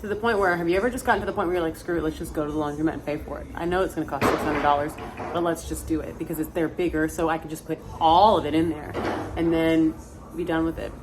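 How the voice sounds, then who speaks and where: A woman's voice: low voice, fast talker. A woman in her thirties vlogging from her car, chatting in a rambling, self-mocking way and swearing casually. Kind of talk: casual chat. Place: inside a car in her neighborhood. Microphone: camera mounted in the car. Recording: noisy car interior. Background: car and road noise.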